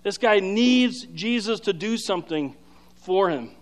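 A man preaching a sermon, explaining scripture in an emphatic, energetic way with frequent fillers and restarts. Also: sits high, unhurried. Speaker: pastor.

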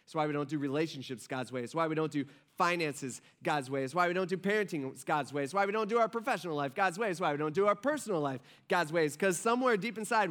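A male pastor preaching a sermon in a casual, conversational way, often checking in with the congregation and dropping low and soft for emphasis. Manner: conversational, frequent "right?" asides; acts out quoted voices, drops soft and low for emphasis.

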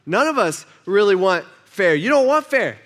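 A male pastor preaches a sermon in church, his high, sing-song voice a bit bright and his pace normal. Conversational with the congregation, he asks the room questions and acts out the quotes of the people in his story.

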